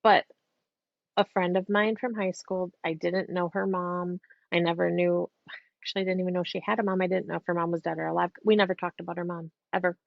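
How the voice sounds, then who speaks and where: A woman psychic medium, a podcast guest, telling a story in a chatty, animated way, now and then swearing casually. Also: on the low side, fairly quick, vocal fry, dry recording. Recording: dull, dry lo-fi podcast audio.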